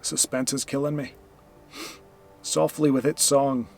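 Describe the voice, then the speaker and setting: A man streams a card game, speaking unhurriedly in a mid-range, darkish voice with a level tone and vocal fry. His gameplay commentary is casual and loose, talking back at his opponent with mock outrage over faint game music.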